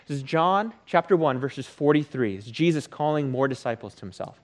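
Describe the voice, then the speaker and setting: A male pastor leads a prayer and reads a scripture passage to his congregation. His voice sits a little high and moves around a lot in pitch. He keeps the tone conversational. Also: a little fast. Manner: animated, conversational, prays then reads aloud. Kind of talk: sermon with prayer and scripture reading.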